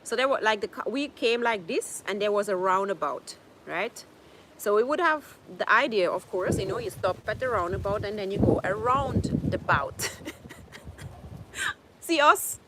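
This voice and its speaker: Chatty woman doing a livestream, talks slow, laughs a lot, faint room hum behind. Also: mid-range voice, lively intonation. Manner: chatty, laughs often, switches into French with viewers. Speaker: livestream host. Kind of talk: casual livestream chat reading viewer comments. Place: home in Jamaica.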